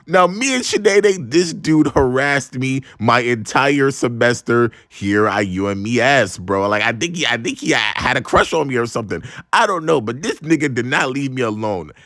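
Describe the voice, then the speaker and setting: Animated, profane young man telling stories. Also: medium pitch, moderate pace, hardly any pauses, no room sound, studio quality. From Maryland. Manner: animated, profane, slangy, exclaims "bro" a lot. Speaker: storytime vlogger. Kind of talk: casual storytelling.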